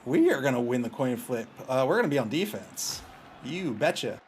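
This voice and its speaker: A man's voice: mid-range voice, very animated, moderate pace, a little hiss or hum. A man casually commentating his own video game match, taunting his opponent and chatting with viewers. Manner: banters with chat, taunts opponents, laughs.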